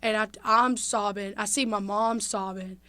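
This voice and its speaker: A woman's voice: medium pitch, a little slow, dry recording. A young woman, a podcast guest telling a heartfelt story in casual conversation. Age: young adult. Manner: heartfelt, animated, drops to a hush at tender moments.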